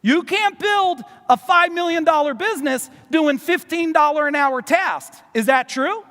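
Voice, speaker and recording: A man from New Jersey giving a loud, fast, profane motivational business seminar to a live audience in a large hall. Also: very high-pitched, animated. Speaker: business speaker. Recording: long reverb of a large hall.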